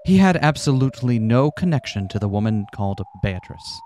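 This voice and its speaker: A man with a medium pitch, big swings in intonation, and a slightly mellow tone briskly reads a visual novel with friends, swapping between narration and character voices. He stops for jokes and laughter throughout this casual, dramatic read-through, with a little background noise.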